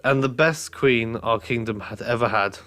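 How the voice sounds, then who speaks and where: A man's voice: medium pitch, moderate pace, pushed and bright, lightly acted. A man reading the lines of a kindly middle-aged cart driver in a friendly, plain-spoken way. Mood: chatty. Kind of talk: read-aloud storybook voice.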